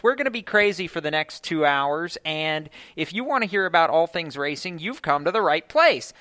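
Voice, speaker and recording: A man's voice: on the high side, bright, forceful tone, dry recording. Joking male sports radio host. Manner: playful, joking banter. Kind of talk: casual sports radio chat. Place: radio studio.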